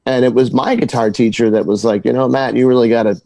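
A musician tells stories in a relaxed interview, tripping over words and restarting his sentences. His voice sits at an ordinary pitch and sounds dry and close. He talks like a regular guy swapping stories. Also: creaky, dry recording. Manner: halting, repeats words, laughs while telling stories. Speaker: guitar teacher and musician. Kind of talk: casual interview storytelling.

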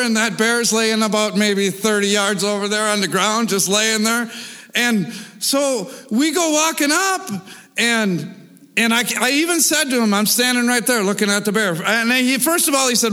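A man casually telling a wild story with animated, profane delivery, full of sound effects and repetitions. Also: sits high, moderate pace, in a large hall.

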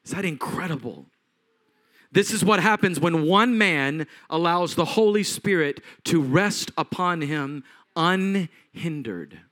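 A man preaching from the pulpit in a fairly high voice. He tells the story with animated swings, rising loud and then dropping to a hush. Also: slow pace. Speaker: pastor. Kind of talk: sermon.

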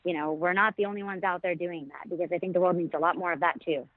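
A woman's voice: lowish voice, fairly even intonation, fast, no room sound. A middle-aged woman, a podcast guest, talking enthusiastically and telling stories with laughs. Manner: enthusiastic, storytelling, warm laughter. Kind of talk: conversational interview. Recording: tinny phone-like line.

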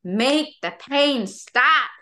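Bright, expressive chatty woman. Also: high voice, drawn-out words, a little hiss or hum. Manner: expressive, heavy filler words, acts out quotes. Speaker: podcast guest. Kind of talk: candid casual conversation.

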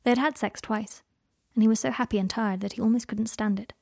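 A woman softly reading a romance story aloud in a hushed, narrating voice. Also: fairly high pitch, fairly even intonation, brisk, creaky. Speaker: reader. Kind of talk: fan fiction audiobook reading.

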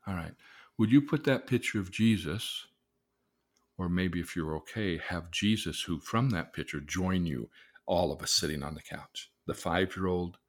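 Guy w a lowish voice telling a therapy story, acts out everyone's lines, goes quiet then gets loud. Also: normal speed. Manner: vivid storyteller, acts out the people in his stories; swings between soft, low asides and loud, excited bursts.

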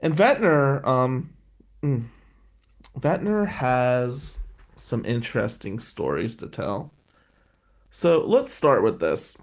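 Gravelly-voiced ranting New man. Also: mid-range voice, very animated, slow pace, pauses often. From Atlantic City, New Jersey. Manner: profane, ranting storyteller. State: exhausted. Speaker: attorney and podcast host. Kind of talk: casual monologue.

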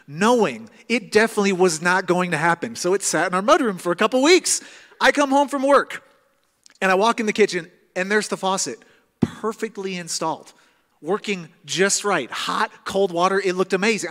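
A pastor in his thirties preaches to his congregation, his fairly high voice carrying animated, self-mocking stories. The sound rings out with the long reverb of a large church hall. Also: moderate pace. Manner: self-deprecating storytelling, animated. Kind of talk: sermon. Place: church auditorium.

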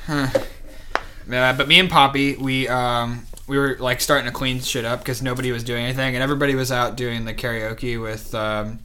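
A young man chatting casually on a podcast, telling animated work stories and jumping into high voices to quote people. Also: moderate pace, a little hiss or hum. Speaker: podcast co-host. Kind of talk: casual chat.

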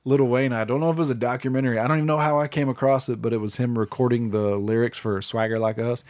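A man's voice: medium pitch, steady tone, fast talker, darkish tone. A man co-hosting a podcast in casual chat, rambling and swearing as he tells stories. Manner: rambling, profane, slips into put-on voices. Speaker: podcast co-host.

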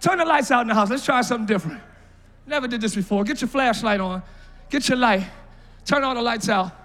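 A male pastor preaching a lively, playful sermon in a large church, often shouting to the congregation. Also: very high voice, brisk.

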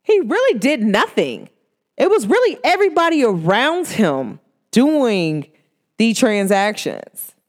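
Taking her time, a woman vlogger delivers an easygoing motivational talk packed with slang and chatter. Excitement sends her pitch swooping up, and she laughs often.

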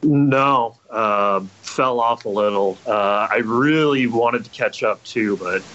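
Slow, laid-back male podcast guest. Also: on the low side, a bit bright, lo-fi sound. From northern California. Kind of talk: casual chat.

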